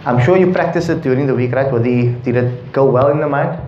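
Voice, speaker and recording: A man's voice: medium pitch, quick pace, slight background noise. Guy teaching quran recitation, patient coaching tone, echoey muffled room. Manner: patient, coaching, chants verses then explains pronunciation. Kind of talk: recitation class with call and response.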